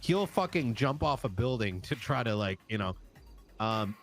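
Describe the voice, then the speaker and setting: A man chatting in character with another roleplay player, talking in a halting way full of restarts and fillers. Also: mid-range voice, big pitch swings, soft background music. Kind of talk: casual in-character chat.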